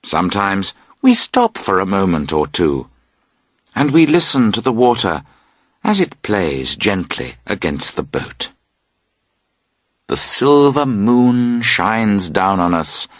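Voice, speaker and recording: Slow husky male storybook narrator. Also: sits low, no room sound. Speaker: audiobook narrator. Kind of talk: scripted narration of a graded reader.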